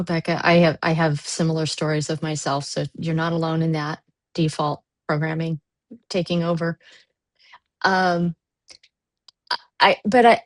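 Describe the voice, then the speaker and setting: A woman with a lower voice talks candidly in a panel discussion over a video call. She grows emphatic in bursts of strong feeling. Her sound is dry and close. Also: no room sound. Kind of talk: casual discussion.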